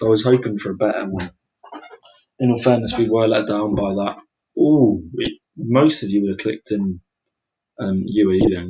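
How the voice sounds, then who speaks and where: With a fairly low, husky voice and poor audio quality, a young man who creates gaming videos mutters his way through a geography guessing game, calling out in surprise and ridiculing his own slip-ups as he casually comments.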